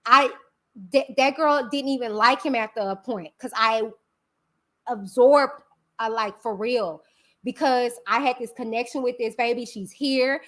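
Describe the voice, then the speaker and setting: A woman's voice: fairly high pitch, measured pace, fairly bright tone. A woman hosting a live stream, talking candidly and emphatically to her viewers, calling them y'all. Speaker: channel host.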